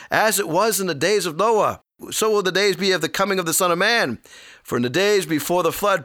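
A man's voice: on the high side, pushed and bright, dry recording, studio quality. A man preaching a sermon in a folksy way, with light humor and personal stories. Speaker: pastor.

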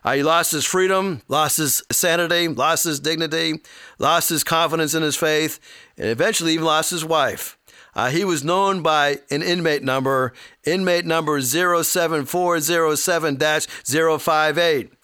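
A man's voice: on the high side, normal speed, sharp tone, smooth, dry recording, studio quality. A man preaching a sermon in a folksy way, with light humor and personal stories. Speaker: pastor.

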